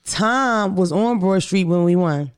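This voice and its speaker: A man with a high, light voice, chatting on a podcast. He talks in an animated, joking way and swears freely. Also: unhurried, smooth. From Philadelphia. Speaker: podcast co-host. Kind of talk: casual chat.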